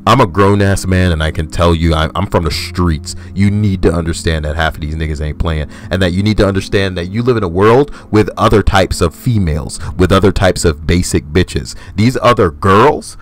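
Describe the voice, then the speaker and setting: A man's voice: sits low, normal speed, hardly any pauses. A young man hosting a comedy show, giving profane, emphatic, ranting commentary on the stories he reads. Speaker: host reading stories.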